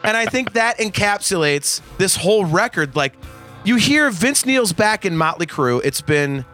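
A man's voice: sits high, animated, normal speed, bright, forceful tone, faint music behind. Profane ranting man in his forties. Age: 40s. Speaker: podcast guest. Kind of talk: casual podcast chat.

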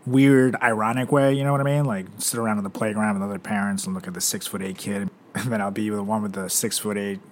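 A man's voice: lowish voice, fairly even intonation, fast talker, slight background noise. A young man co-hosting a podcast, joking and laughing often in a profane casual chat. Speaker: podcast co-host, performer.

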